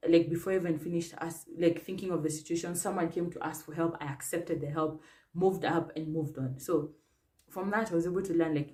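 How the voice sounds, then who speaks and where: Kenyan woman vlogger, young, slightly low voice, lively casual storytelling. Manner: chatty, animated, filler-heavy.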